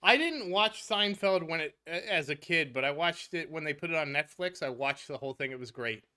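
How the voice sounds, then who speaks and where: Bright-voiced chatty woman streamer. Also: sits low, expressive, fairly quick. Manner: chatty storyteller, laughs often, trails off. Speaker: gaming streamer. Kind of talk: casual chat while playing a game.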